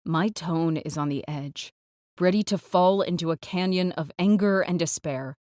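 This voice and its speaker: Low-voiced woman reading an audiobook. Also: mellow, dry recording, clean studio sound. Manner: measured, tense, clipped. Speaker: audiobook narrator. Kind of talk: first-person audiobook narration. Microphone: close studio mic.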